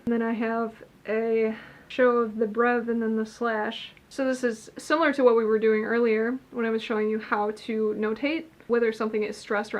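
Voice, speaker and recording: A young woman with a slightly high voice teaches how to write poetry in an instructional video, going through each step methodically and dropping in the occasional filler.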